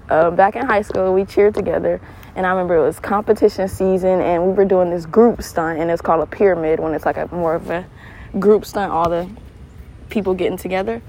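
A young adult woman hosting a podcast alone, telling stories with animated laughter and turning earnest when giving advice. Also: mid-range voice, moderate pace, slight background noise, rough recording. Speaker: podcast host. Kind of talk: casual solo monologue.

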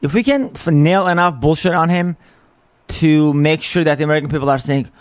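A man's voice: a little high, a little fast, no room sound. A man hosting a podcast, delivering an angry, profane political rant with heavy emphasis. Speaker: podcast host.

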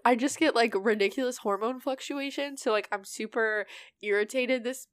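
A woman's voice: a little high, normal speed, smooth, no echo. A young woman co-hosting a podcast, her nose stuffy from allergies. She chats openly and easily. The voice is close and dry, with no room sound around it. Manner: chatty, candid, laughs often. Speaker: podcast co-host. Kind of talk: casual chat.

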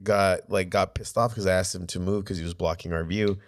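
A man's voice: low voice, steady tone, a little fast. A man co-hosting a casual podcast, telling a story in a laid-back way with lots of fillers and swearing. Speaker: podcast co-host.

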